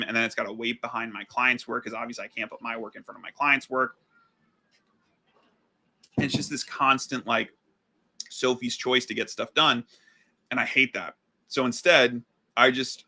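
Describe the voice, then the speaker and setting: A man's voice: medium pitch, pushed and bright. A man hosting a business show, talking casually between recording takes in a loose, chatty way full of fillers and restarts. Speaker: host; business coach.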